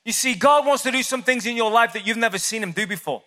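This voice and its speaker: Bright-voiced male preacher in a reverberant hall. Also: very high voice, quick pace. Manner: animated storytelling, asks the crowd questions. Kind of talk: sermon.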